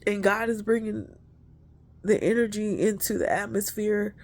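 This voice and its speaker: Woman, gravelly, mellow tone, emotional uplifting talk, faint rumble behind. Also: steady tone, normal speed. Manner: earnest, preachy, addresses listeners as y'all. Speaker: inspirational speaker. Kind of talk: spiritual encouragement talk.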